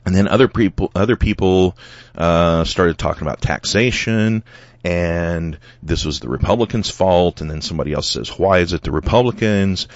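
A man's voice: low voice, normal speed, no echo. A man hosting a solo podcast, retelling an online argument and reading comments aloud with many fillers. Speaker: podcast host. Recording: dull lo-fi dry sound.

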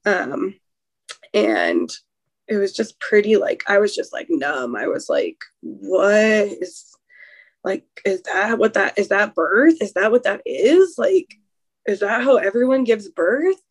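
A woman's voice: medium pitch, big pitch swings, takes it slowly. Young woman guest, rambling personal account, emotional, many fillers and restarts. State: emotional, recounting trauma. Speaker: guest sharing a birth story. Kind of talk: personal storytelling in an interview.

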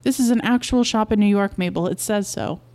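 A woman voicing an excitable, proud middle-aged beekeeper husband who coaxes and insists, in a storybook reading. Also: medium pitch, fairly quick, natural voice. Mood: excited.

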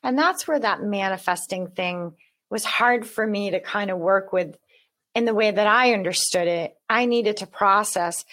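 A woman's voice: medium pitch, moderate pace, a bit bright. Woman, author guest, earnest, explanatory, repeats words, conversational. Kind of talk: conversational interview.

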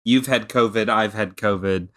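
Male podcast co-host, bright mid-range voice, easygoing and laughs a lot. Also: lowish voice, normal speed, no room sound. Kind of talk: casual chat.

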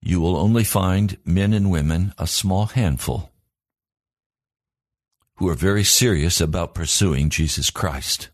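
A man's voice: low-pitched, unhurried, dry recording, studio quality. A man preaching a sermon as a pastor, in an earnest, emphatic cadence built on repeated phrases.

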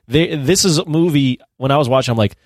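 A man's voice: on the high side, fast talker, dry recording, studio quality. A man co-hosting a podcast, casually musing about films and quoting his own thoughts. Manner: relaxed, quotes himself, repeats words. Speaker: podcast co-host. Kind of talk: casual movie chat.

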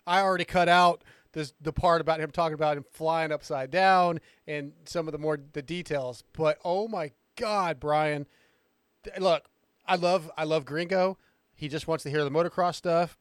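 Excitable rambling podcast host. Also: male voice, on the high side, normal speed, clean tone, no echo, studio quality. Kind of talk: casual podcast chat.

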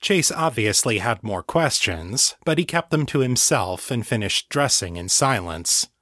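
A man reading a novel aloud as an audiobook narrator, in an even, measured storytelling way. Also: medium pitch, no echo, studio quality.

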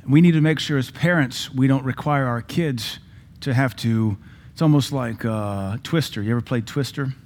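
A man's voice: medium pitch, normal speed, a little hiss or hum. A male pastor, preaching a sermon in a conversational, folksy way with asides to the congregation. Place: church.

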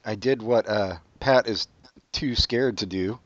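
A man's voice: fairly low pitch, measured pace, no room sound. A man co-hosting a casual podcast, teasing with dry humor. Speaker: podcast co-host. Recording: dull, dry sound.

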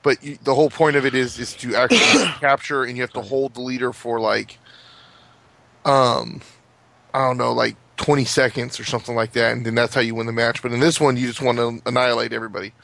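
A man's voice: medium pitch, steady tone, fairly quick, vocal fry, fairly bright tone, no room sound. A man chatting casually about video games, rambling with many fillers and restarts. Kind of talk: casual gaming chat.

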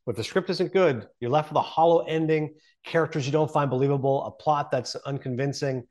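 A man's voice: a little high, fairly quick, a little mellow. A man in his forties speaking as an interview guest, earnest and reflective, often restarting his sentences. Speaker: guest, sports broadcaster. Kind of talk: conversational interview.

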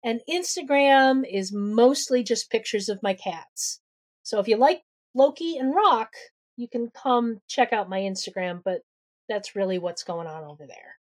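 Brief: female host, high voice, brisk promo reads, relaxed chat. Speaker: podcast host. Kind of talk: casual chat and read promos.

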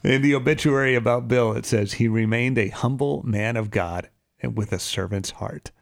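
A man co-hosts a morning radio show in an easygoing, chatty way. His voice sits at a middle pitch, and he reads news items as if just talking. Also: moderate pace, gravelly. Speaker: radio host.

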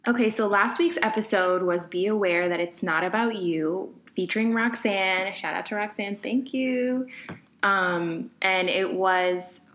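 A woman's voice: mid-range voice, fairly even intonation, unhurried, few pauses, fairly bright tone. A young adult woman hosting a podcast, telling a personal story in a candid, conversational way with many fillers. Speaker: podcast host.

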